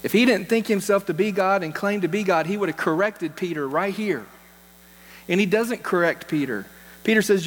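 A man's voice: high voice, normal speed. A man, a pastor, preaching a sermon in an earnest way, repeating key phrases for emphasis. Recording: long hall reverb with faint mains hum.

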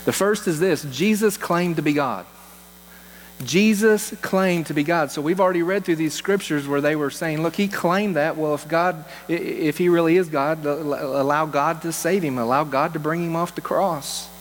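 A man's voice: a little high, steady tone, moderate pace, hardly any pauses. A man, a pastor, preaching a sermon in an earnest way, repeating key phrases for emphasis. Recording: long hall reverb with faint mains hum.

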